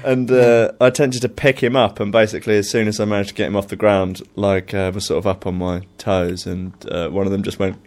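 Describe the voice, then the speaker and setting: A man's voice: fairly low pitch, little pitch movement, fairly quick, hardly any pauses, a little mellow, slight background noise. A young man telling rambling anecdotes in casual chat, with plenty of fillers and laughter.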